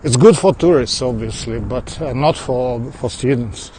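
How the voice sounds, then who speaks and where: A mid-pitched man with a mixed foreign accent livestreams on foot through suburban streets, speaking warmly at normal speed into the phone in his hand. He fields viewers' comments casually, with light laughs and restarts, as outdoor sound and passing traffic come through clearly.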